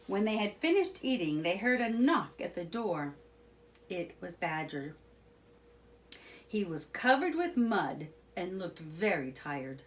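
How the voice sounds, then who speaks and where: A woman reading a children's storybook aloud, narrating slowly and expressively. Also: fairly low pitch, big pitch swings.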